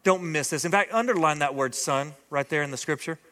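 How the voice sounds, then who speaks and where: A man's voice: fairly high pitch, fairly quick, bright, forceful tone. A man preaching a sermon as pastor, impassioned and building to urgent, emphatic appeals to his congregation. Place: church sanctuary. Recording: long hall reverb from church sanctuary.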